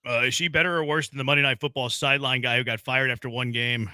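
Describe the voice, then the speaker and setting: A man's voice: mid-range voice, steady tone, quick pace, sharp tone, clean tone, no echo. A man hosting a sports radio show, joking around in playful, casual banter with his co-host. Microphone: studio microphone.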